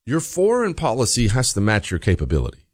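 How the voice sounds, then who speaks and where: A man hosting a radio talk show, delivering an emphatic political commentary monologue and slowing down to stress his points. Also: medium pitch, dry recording, clean studio sound. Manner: animated, emphatic, slows down for emphasis.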